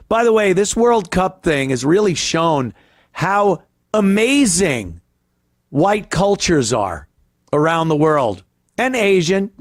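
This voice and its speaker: A man's voice: a little high, no room sound, clean studio sound. A male host ranting in a crude, profane, rambling way on a casual comedy podcast.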